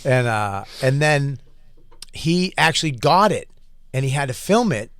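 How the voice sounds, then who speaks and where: A man in his forties with a medium-pitched voice, recorded dry at a close studio mic. He is a comedian telling stories in a casual, profane way. He acts out the other people's lines as he goes. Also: a little slow, dry recording. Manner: profane, animated storyteller who acts out quotes. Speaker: comedian and podcast host. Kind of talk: casual storytelling chat.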